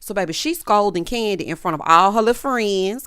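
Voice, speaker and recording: A woman's voice: medium pitch, fairly quick, a bit bright, clean tone. A woman hosting a casual reality TV recap, telling it with sassy, dramatic flair and lots of 'honey' and 'child'.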